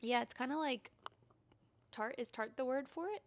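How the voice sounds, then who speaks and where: A woman's voice: high voice, moderate pace. A woman in her twenties co-hosting a casual podcast chat, easygoing and upbeat, with lots of fillers. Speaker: podcast co-host.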